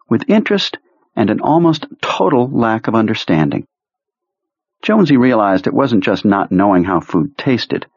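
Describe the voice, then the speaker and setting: Husky, low-voiced man narrating. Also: no room sound, highs cut off. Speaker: audiobook narrator. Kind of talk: scripted narration.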